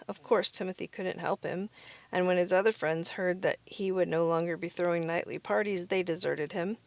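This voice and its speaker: A woman reading a children's picture book aloud in a clear, expressive way. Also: on the low side, moderate pace, dry recording. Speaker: storybook reader.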